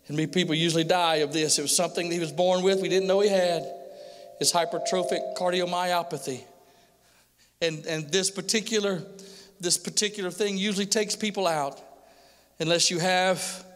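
Middle-aged man, bright tense tone, earnest testimony, repetitive storytelling. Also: high voice. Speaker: father giving a testimony to a pastor. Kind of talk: emotional personal testimony. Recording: long hall reverb.

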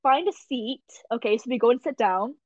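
A woman's voice: a little high, moderate pace, no echo. Young adult female host, casual storyteller, lo-fi dry mic. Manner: animated, laughs often, lots of "like" fillers. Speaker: podcast host. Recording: dull lo-fi dry recording.

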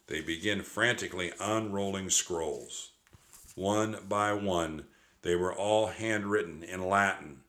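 Male narrator, children's audiobook, low voice, bright forceful tone, steady and expressive. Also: slow. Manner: steady, expressive read-aloud delivery.

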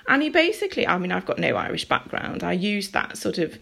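Gravelly-voiced woman telling a story. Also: on the low side, fairly quick. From near Liverpool, England. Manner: rambling, animated, acts out dialogue. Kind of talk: casual personal storytelling.

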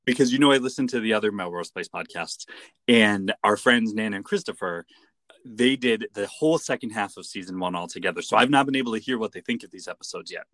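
A man's voice: on the low side, fast talker, fairly bright tone, no echo. A man co-hosting a podcast in casual chat, talking in a playful, digressive way. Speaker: podcast co-host. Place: remote recording, not with co-host.

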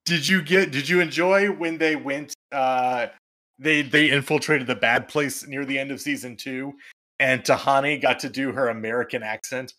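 Bright-voiced laughing male co-host. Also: mid-range voice, steady tone, moderate pace. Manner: laughs often, short supportive replies. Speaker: podcast co-host. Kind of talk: casual chat.

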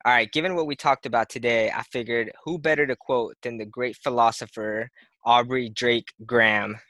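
A young man in his twenties co-hosts a podcast in a casual chat, wry and deadpan. His voice is mid-pitched and the recording is dry, with no room around it. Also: normal speed, dry recording. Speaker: podcast co-host.

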